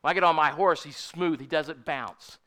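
Older guy preaching, folksy stories, keeps asking amen, smooth clear voice pitched a bit high. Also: moderate pace, pushed and bright. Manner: folksy storytelling, asks congregation "Amen?". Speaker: pastor. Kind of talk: sermon.

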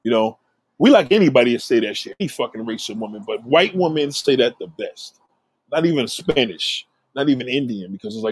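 A man's voice: medium pitch, animated, brisk, husky, no room sound. A man talking straight into the camera, blunt and profane, rambling as he gives advice. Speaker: vlogger giving advice. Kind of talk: casual monologue.

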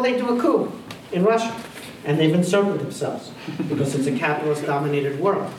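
A man's voice: high voice, noisy background. Emphatic male professor in a roomy lecture hall. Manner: emphatic, with rhetorical questions and repeated key phrases. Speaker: history professor giving a lecture. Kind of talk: university lecture. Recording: roomy hall audio picked up from a distance.

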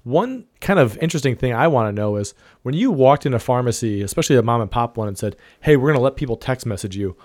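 A man hosting a casual interview, asking questions in a quick, enthusiastic, chatty way. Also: medium pitch, expressive, a little mellow, dry recording, clean studio sound. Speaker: podcast host.

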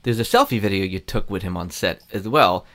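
A man's voice: deep voice, lively intonation, fairly quick, fairly bright tone. Guy hosting an interview, chatty, rambly questions. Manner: chatty, many fillers and restarts. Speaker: interview host. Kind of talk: casual interview chat.

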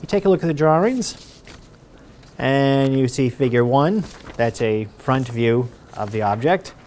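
A man, a university patent counsel, giving a clear and methodical lecture, reading passages aloud and asking the audience rhetorical questions. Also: mid-range voice, animated, measured pace, darkish tone, slight background noise.

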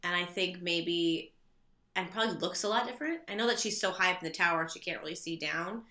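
Playful female co-host, slightly low bright voice, echoey room recording. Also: a little fast. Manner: playful, joking, agreeable. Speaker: podcast co-host. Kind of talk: casual chat.

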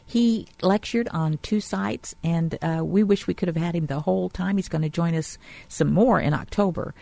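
A woman's voice: lowish voice, moderate pace, gravelly, dark tone, no echo. A woman guest on a radio show who talks enthusiastically and chattily about a tour she managed. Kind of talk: radio interview.

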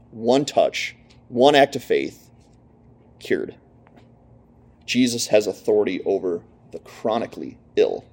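A man's voice: fairly low pitch, slightly rough. A man preaching a conversational sermon, storytelling with casual asides to his listeners. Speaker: preacher teaching a lesson.

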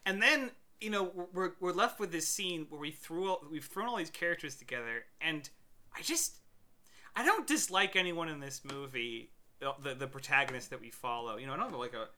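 A man's voice: a little high, lively intonation, fairly quick, bright, forceful tone. A man in casual chat reviewing a movie, rambling with stammered restarts.

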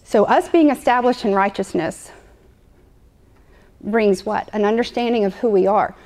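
A woman's voice: mid-range voice, moderate pace, darkish tone. A woman preaching a sermon to a live congregation, conversational and playful, repeating her points often. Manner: conversational, repetitive, playful asides.

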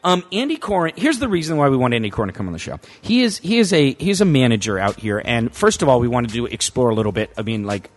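Male podcast co-host, casual and animated, rambles and backtracks. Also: mid-range voice, quick pace, hardly any pauses. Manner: rambling, animated, self-correcting. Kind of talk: casual chat.

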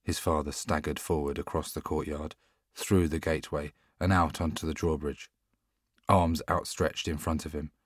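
A man narrating an audiobook in a measured, steady storytelling manner. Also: rumbling low, dry recording, clean studio sound. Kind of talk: scripted narration.

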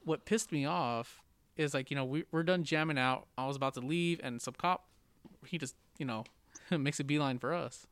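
A man with a somewhat high, smooth, clear voice chats easily, dropping casual swears and fillers. The sound is dry and close. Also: moderate pace, a bit bright, no echo. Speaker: podcast guest. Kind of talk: casual chat.

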